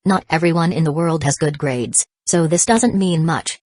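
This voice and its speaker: A woman voicing a calm, confident teenage boy in a storybook reading, with a smooth, even delivery. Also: low-pitched, moderate pace, no echo. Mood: calm teasing.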